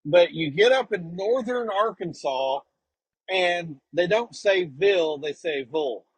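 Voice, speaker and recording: A man's voice: sits high, slow, slightly rough, dry recording, rough recording. A man co-hosting a casual chat, making blunt teasing jokes. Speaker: podcast co-host.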